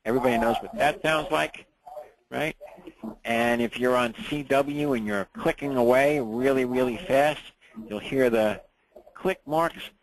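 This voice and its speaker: A man teaching a ham radio class in a relaxed, chatty way, often checking in with the room. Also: mid-range voice, a little slow, rough recording.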